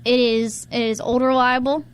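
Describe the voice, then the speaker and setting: A woman's voice: fairly high pitch, flat delivery, moderate pace, clear, resonant tone. A young woman co-hosting a casual chat podcast, rambling and giggly with lots of restarts. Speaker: podcast co-host.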